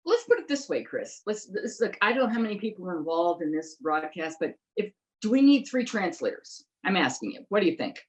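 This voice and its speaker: A woman investigative journalist in a conversational interview, talking in an animated, emphatic way and throwing in rhetorical questions. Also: on the low side, fairly quick, hardly any pauses, poor audio.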